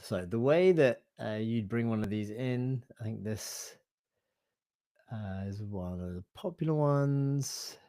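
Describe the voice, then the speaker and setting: A man presenting a live online software demo, thinking aloud in a relaxed, hesitant way with fillers and self-corrections. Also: on the low side, slow, no echo. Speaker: webinar presenter.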